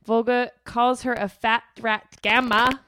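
A woman co-hosting a podcast, recapping book chapters in casual chat, animated and swearing freely as she acts out characters' lines. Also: a little high, measured pace, no room sound. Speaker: podcast co-host.

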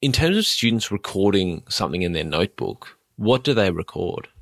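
A man's voice: low voice, very animated, moderate pace, creaky, dry recording, studio quality. A man hosting a casual interview about teaching, enthusiastic and thoughtful, in long winding sentences. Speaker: podcast host, teacher.

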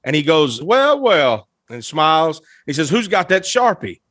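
A musician guest telling an animated, emotional anecdote, laughing often as he talks. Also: fairly high pitch, normal speed, no room sound, studio quality. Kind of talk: storytelling anecdote.

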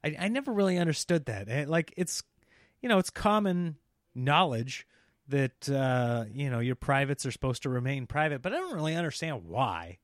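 A man's voice: medium pitch, animated, normal speed, dry recording, studio quality. A man hosting a comedy podcast alone, rambling and interrupting himself, often laughing at his own jokes. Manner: mocks politicians in a put-on speech voice.

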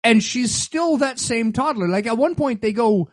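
A man's voice: very high voice, lively intonation, moderate pace, dry recording. A man hosting a podcast in casual chat, cracking dad jokes and laughing at his own puns. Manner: joking, tells dad jokes and laughs at them. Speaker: podcast host.

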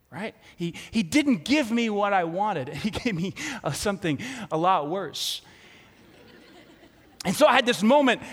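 A man preaching a sermon as pastor, telling a story with lively acted-out quotes. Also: high-pitched, in a large hall.

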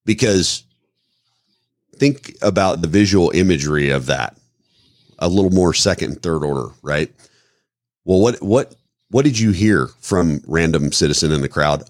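A man's voice: sits low, animated, moderate pace, pauses often, dry recording, studio quality. A man from the Midwest co-hosting a podcast, explaining self-defense phrasing with acted-out examples. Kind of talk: casual podcast talk.

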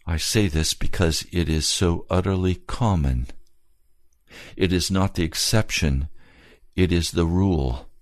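A man preaches a sermon earnestly and emphatically, unhurried, repeating key phrases as he shifts between low, grave passages and raised, urgent ones. The recording is studio quality with no echo.

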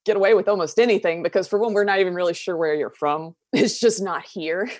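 A woman from the southern United States speaks with a Southern accent in a relaxed podcast chat. Her voice sits a little low, and she is candid, laughs easily and lets sentences trail off. The sound is close and dry. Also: quick pace, no echo. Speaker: guest. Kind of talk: casual podcast conversation.

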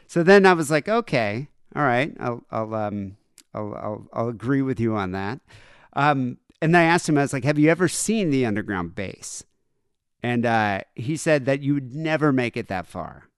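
A podcast co-host tells a story in casual chat, animatedly acting out both sides of a conversation. His mid-range voice is clear and resonant at normal speed, captured in a dry, studio-quality recording.

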